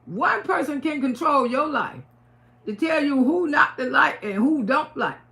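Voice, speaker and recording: A woman's voice: high-pitched, lively intonation, measured pace, gravelly, pushed and bright. A middle-aged woman hosting a casual live stream, talking bluntly to her viewers with plenty of cursing and repeated phrases.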